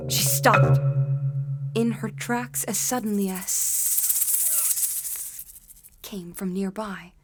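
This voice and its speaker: Slow, gentle woman storyteller. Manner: slow, deliberate reading. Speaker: narrator. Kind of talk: storybook narration in a concert piece. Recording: voice over loud bassoon and percussion music.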